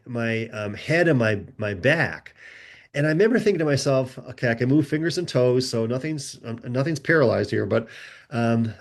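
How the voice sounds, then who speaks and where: A man, a guest author, telling a personal story in a relaxed conversational way, acting out the people he quotes. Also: mid-range voice. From United States. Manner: animated, acts out quoted voices.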